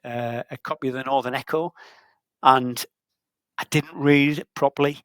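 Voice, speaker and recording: A man's voice: mid-range voice, fairly even intonation, moderate pace, a bit bright, clear, resonant tone, dry recording, poor audio. A man in his sixties, a veteran journalist, telling rambling, self-deprecating stories in an interview over a video call. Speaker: guest, veteran football journalist. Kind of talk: anecdotal interview storytelling.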